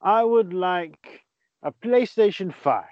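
A man co-hosting a podcast, chatty and quick to laugh in casual conversation. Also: high voice, animated, darkish tone, no echo, muffled recording. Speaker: podcast co-host. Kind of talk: casual chat.

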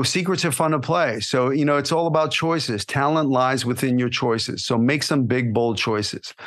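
A man hosting a podcast as an acting coach, giving motivational advice in a lively, coaching way, often tagging on "right?" and "you know". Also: mid-range voice.

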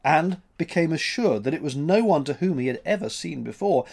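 A man reading a story aloud as narrator, in an expressive, dramatic manner. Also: a little high, fairly quick, creaky.

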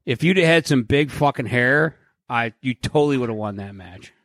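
A man in casual podcast chat, cursing and joking as he acts out made-up exchanges. His voice sits at a middle pitch. The sound is dry and close, with no room echo. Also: animated, normal speed, a bit bright. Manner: profane, joking, acts out imagined dialogue. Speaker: podcast co-host.

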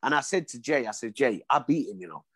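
A man's voice: medium pitch, animated, fast, no room sound. A man, a former boxer telling his story in an interview, acting out dialogue and often saying "you know what I mean".

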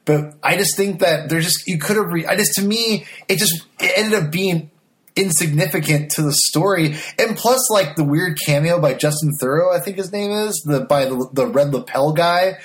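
Opinionated man with a slightly high voice. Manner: halting, many restarts, opinionated. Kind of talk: casual film discussion.

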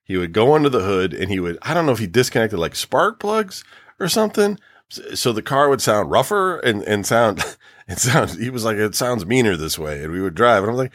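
A man's voice: mid-range voice, a little fast, dry recording. A middle-aged man co-hosting a podcast, telling stories in casual chat, swearing and laughing often. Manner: animated storyteller, swears, laughs a lot. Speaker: podcast co-host.

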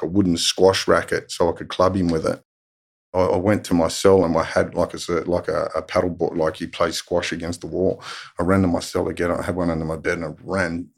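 A man's voice: deep voice, little pitch movement, a little fast, vocal fry. A middle-aged Australian man telling stories in a blunt way, swearing freely as he talks. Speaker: guest telling prison stories. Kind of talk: casual storytelling.

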